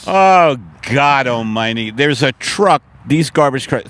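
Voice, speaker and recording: Animated, swearing New man. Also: medium pitch, slow pace. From New York. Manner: profane, ranting, animated. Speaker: podcast host. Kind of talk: casual chat. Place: outdoors in a park.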